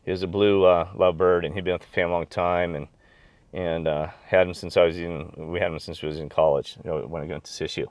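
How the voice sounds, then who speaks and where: A middle-aged man chatting casually to camera, rambling and excitable with lots of fillers and restarts. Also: low-pitched, fast talker, no echo. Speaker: video blogger. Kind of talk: casual chat.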